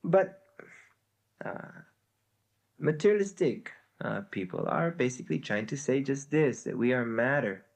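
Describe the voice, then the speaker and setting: Gravelly guy giving a spiritual talk, lots of uhs, dry jokes. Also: medium pitch, expressive, a little slow. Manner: hesitant, many fillers, wry humor. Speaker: spiritual teacher. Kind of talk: spiritual lecture with storytelling.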